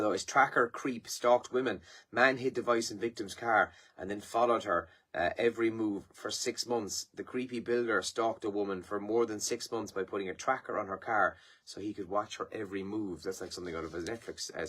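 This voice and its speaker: An Irish radio host with a lowish, husky, slightly bright voice presents a live morning show, casually chatting through the papers and sport. He uses lots of fillers and sounds tired, yawning as he goes through this newspaper review.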